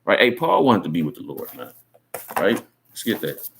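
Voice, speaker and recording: Low-voiced guy preaching casual, earnest and encouraging, keeps saying man and right. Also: huge pitch swings, moderate pace, gravelly, fairly bright tone, slight background noise. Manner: conversational, repeats "man" and "right?" as tags. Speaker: Bible teacher. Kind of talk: informal sermon teaching.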